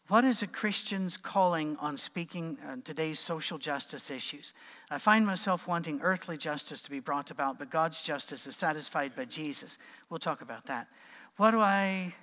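A man preaching an informal sermon, conversational with animated asides and acted quotes. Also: fairly high pitch, big-room sound.

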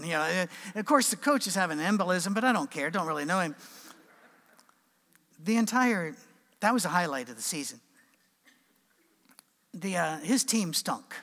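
Middle-aged pastor, a comic storyteller who acts out voices; slightly high voice in a reverberant hall. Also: male voice, normal speed, pauses often. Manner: animated storyteller, acting out voices. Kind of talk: sermon with humorous storytelling.

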